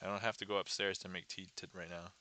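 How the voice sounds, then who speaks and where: A man's voice: deep voice, level tone, quick pace, pushed and bright. A man hosting a casual magic livestream, chatting with viewers and reading their messages aloud. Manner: chatty, greets viewers and reads chat aloud.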